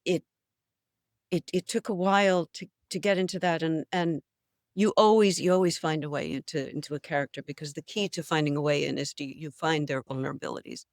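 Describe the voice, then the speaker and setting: Smooth, dry-voiced older actress. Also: female voice, deep voice, a little fast, dry recording. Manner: animated storyteller, laughs often. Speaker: actress, interview guest. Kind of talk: casual interview talk. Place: New England.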